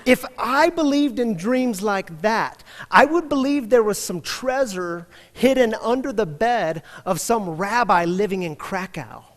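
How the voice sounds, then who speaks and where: A man playing a suspicious police officer who questions and mocks a stranger, loud and challenging, in a hall with long reverb. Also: high voice, lively intonation, unhurried, few pauses, pitched above the performer's own voice. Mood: mocking.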